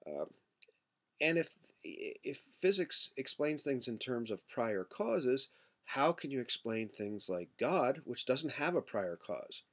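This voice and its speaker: A lecturer walks through ideas aloud, posing questions and answering them himself. His voice sits at an ordinary male pitch. He drags out key words slowly for emphasis. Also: big pitch swings. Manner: explains with rhetorical questions and fillers. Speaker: philosophy lecturer. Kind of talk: classroom lecture.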